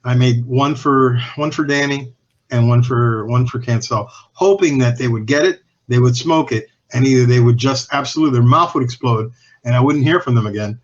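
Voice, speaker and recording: A man's voice: medium pitch, moderate pace, dull audio. A man guesting on a podcast, telling cigar-industry stories in a candid, profane, rambling way that often restarts and trails off. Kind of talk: casual anecdotal storytelling.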